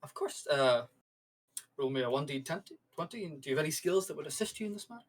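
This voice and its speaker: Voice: medium pitch, lively intonation, quick pace, rough recording. A game master narrating a tabletop game in a loose, rambling way, full of fillers.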